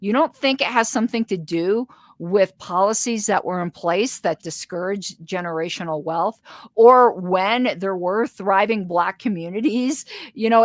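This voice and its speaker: Animated woman with a slight lisp. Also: medium pitch, dry recording, clean studio sound. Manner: animated, stumbling restarts, laughs often. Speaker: guest. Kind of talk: casual interview conversation.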